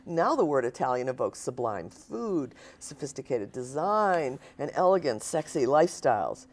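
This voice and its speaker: Older woman author in her sixties, low-pitched, animated storyteller at a live reading. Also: moderate pace. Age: 60s. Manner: animated storyteller, laughs often. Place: stage at a writers event.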